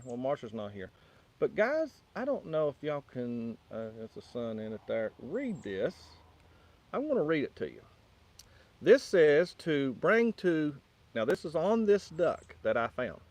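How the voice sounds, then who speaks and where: A man's voice: mid-range voice, darkish tone. Rambling man hosting a live vlog. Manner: rambling, repeats words, reads chat aloud. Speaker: vlog host. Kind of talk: casual live-stream chat.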